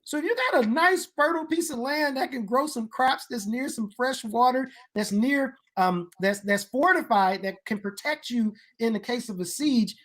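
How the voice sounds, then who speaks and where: A woman in casual conversation, explaining the Bible in an animated way and building her points to emphatic peaks. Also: fairly high pitch, moderate pace, hardly any pauses. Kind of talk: casual discussion of Bible history.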